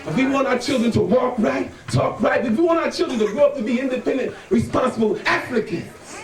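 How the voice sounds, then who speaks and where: High-voiced dramatic male storyteller, echoey. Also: expressive, a little fast. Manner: dramatic, rhythmic call-and-response with listeners. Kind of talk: live oral storytelling to an audience. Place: live performance venue. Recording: echoey room, voice from far off.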